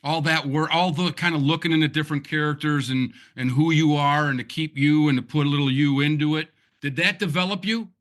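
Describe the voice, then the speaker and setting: A man hosts a relaxed interview and keeps the conversation going with encouraging follow-up questions. His voice sits a little high and has a bright tone. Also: a little fast, few pauses. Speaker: podcast host. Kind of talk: casual interview.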